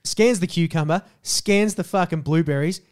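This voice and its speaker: A man telling a story on a casual podcast. He swears freely and is animated, with loud bursts when he quotes people. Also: on the high side, moderate pace. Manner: animated, profane, jumps into loud voices when quoting people. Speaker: podcast co-host.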